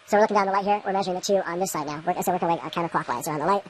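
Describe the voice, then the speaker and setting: A woman talks fast in a low-pitched voice, rambling to the camera as she works through a demonstration in an indoor grow room. She mutters at her gear between readings, and a faint room ambience hums behind her. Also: slight background noise, low-quality recording. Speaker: home grower demonstrating light readings. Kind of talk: casual instructional vlog.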